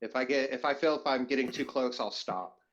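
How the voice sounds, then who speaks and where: A man playing a tabletop game online, talking loudly and eagerly. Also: medium pitch, a little fast, lo-fi sound. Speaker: player.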